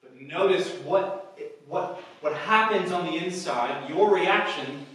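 A male pastor preaching a sermon with emphasis, often swelling louder on key phrases. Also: sits high, slow. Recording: echoey hall, voice from far off.

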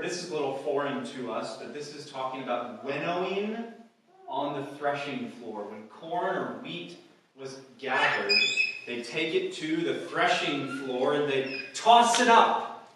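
A male pastor preaching a sermon with emphasis, often swelling louder on key phrases. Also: mid-range voice, a little hiss or hum. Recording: echoey hall, voice from far off.

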